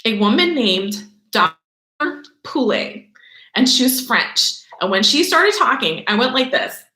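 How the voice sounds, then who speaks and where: A young woman teaching children a remote lesson from home in an animated, chatty, playful way. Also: on the high side, measured pace, echoey room, poor audio. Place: room at home.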